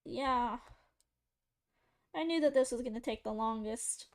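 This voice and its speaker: A woman's voice: on the high side, a little slow. A woman streamer chatting casually to her viewers while drawing, rambling, giggly and poking fun at herself. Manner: rambling, giggly, self-mocking, talking to chat.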